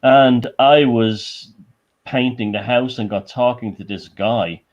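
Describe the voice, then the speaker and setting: A man with an Irish accent, a guest chatting casually in an animated, teasing way. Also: medium pitch, slow pace, muffled recording. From Ireland. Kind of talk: casual chat.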